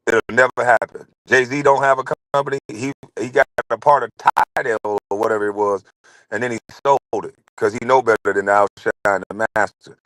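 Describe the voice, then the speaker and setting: A man's voice: mid-range voice, fairly bright tone, no echo, low-quality recording. A man in his forties hosting a casual commentary show, talking in a blunt, rambling and heated way. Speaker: show host.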